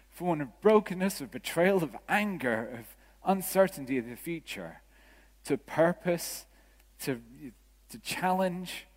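Man preaching in a reverberant church. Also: fairly high pitch. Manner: storytelling, animated quoting of others. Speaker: vicar. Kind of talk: sermon. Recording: church hall with long reverb.

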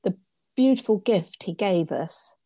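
A woman's voice: mid-range voice, animated, a little slow, dry recording, clean studio sound. A woman sharing earnest, hesitant reflections on a video call from her tablet. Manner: hesitant, lots of ums, warm and earnest. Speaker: church member sharing reflections. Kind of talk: casual reflective chat.

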